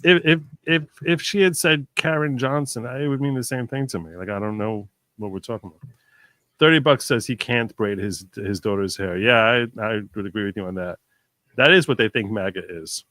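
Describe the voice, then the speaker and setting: A man's voice: mid-range voice, a little fast, pushed and bright, no room sound. A man hosting a casual live stream, reading viewers' jokes aloud and reacting to them.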